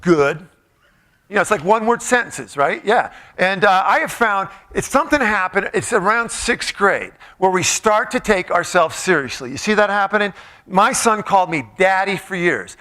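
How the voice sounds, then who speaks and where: A man's voice: high voice, expressive, normal speed, bright, forceful tone. A middle-aged man giving a joking, interactive talk as a motivational speaker, directing the crowd in a room with tables. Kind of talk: interactive comedic talk to a live audience. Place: event room with tables of listeners.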